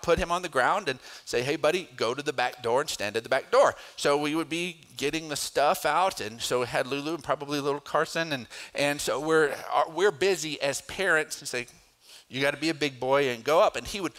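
A middle-aged pastor preaching a sermon, telling a family story and then building to emphatic exhortation. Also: male voice, medium pitch, bright, forceful tone.

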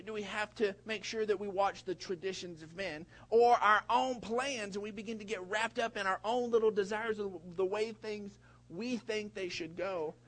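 A middle-aged man preaching a sermon in a folksy way, with big swings in pitch and loudness and many repeated words. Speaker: pastor.

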